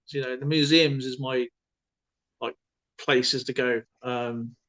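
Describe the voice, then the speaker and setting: A man's voice: a little high, fairly bright tone. A man co-hosting a live stream in casual chat, rambling with many fillers and restarts.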